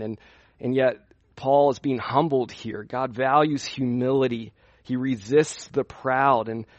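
A man's voice: medium pitch, no echo. A young man preaching at a youth conference in a conversational way, asking his listeners questions as he teaches. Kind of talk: sermon.

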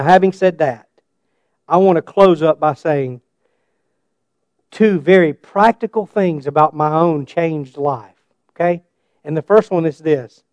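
A middle-aged man preaching a sermon and telling his own story, swinging between loud bursts and hushed asides. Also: fairly high pitch, dry recording. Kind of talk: sermon with personal testimony.

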